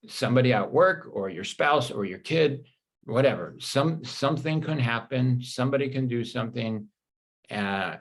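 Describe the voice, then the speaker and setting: A man with a fairly low voice coaches his audience live, talking in a calm, reassuring, conversational way. He keeps checking in with a "right?" and pauses now and then to read viewer comments aloud. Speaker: life coach.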